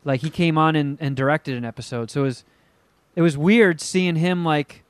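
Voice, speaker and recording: A man with a fairly high, smooth, clear voice, recorded dry and close. He chats casually on a podcast, teasing his co-host with crude jokes and wandering through long anecdotes. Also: normal speed, no echo.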